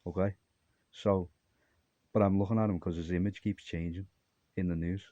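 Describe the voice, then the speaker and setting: Deep mellow guy from armenia rambling on, jumping around, muffled dry recording. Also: steady tone, moderate pace, dry recording. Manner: disjointed, jumpy, trailing off. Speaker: vlogger. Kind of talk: rambling solo monologue.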